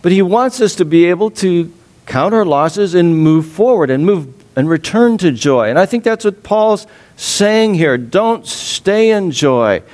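A man preaching a sermon as a pastor, expressive, laughing often and dropping soft and low on sad points. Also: unhurried.

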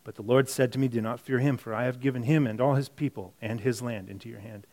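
A fast-talking pastor with a steady, medium-pitched voice gives a conversational sermon and reads scripture aloud. He shifts from quiet, muttered remarks to emphatic bursts, repeatedly going back over words and correcting himself.

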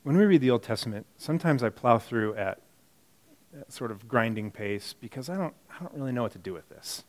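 A man's voice: medium pitch, animated, brisk. Conversational preaching man, wide swings. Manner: conversational preaching, swings from quiet asides to emphatic bursts; self-correcting, repeats words. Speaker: pastor. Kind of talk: sermon.

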